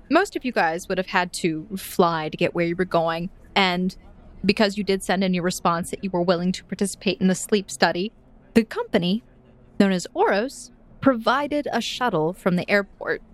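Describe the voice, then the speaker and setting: A woman's voice: on the low side, normal speed. A woman who runs a tabletop game as game master, narrating in a vivid, descriptive and playful way.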